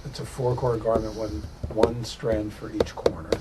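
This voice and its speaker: A man's voice: fairly low pitch, little pitch movement, normal speed. Male student thinking aloud, noisy room. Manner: thinks aloud, tentative questions. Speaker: student in the class. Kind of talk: class discussion.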